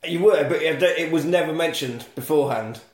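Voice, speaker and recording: A man's voice: fairly high pitch, brisk. A man recapping a film plot as a podcast host, jokey and sweary. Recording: echoey room.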